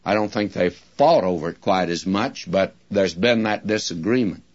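A man teaching a Bible-study sermon in a slow, deliberate, folksy preaching manner, addressing his listeners directly. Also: low voice, lo-fi sound.

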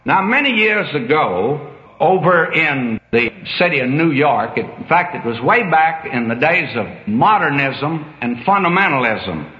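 Older male preacher, folksy and emphatic, lively swooping pitch, dull lo-fi hall sound. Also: measured pace. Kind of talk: sermon. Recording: dull echoey hall recording.

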